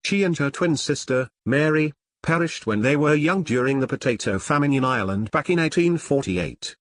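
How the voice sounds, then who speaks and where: A man narrating his own novel in the first person, reading at a measured pace. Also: fairly high pitch, expressive. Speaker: author and narrator. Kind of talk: audiobook narration.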